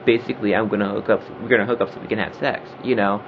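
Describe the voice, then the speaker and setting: A man talking in a casual vlog rant, animated and profane, often getting loud and heated. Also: lowish voice, racing, dull audio, slight background noise. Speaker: video blogger.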